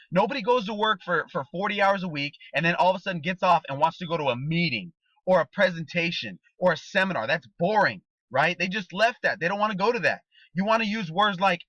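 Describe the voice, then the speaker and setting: A man coaching a team in a motivational training talk, his slightly raised voice bright and forceful. He drives points home with rhetorical questions and checks in with "okay?". The recording is dry and a little dull. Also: high-pitched, no room sound. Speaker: network marketing trainer.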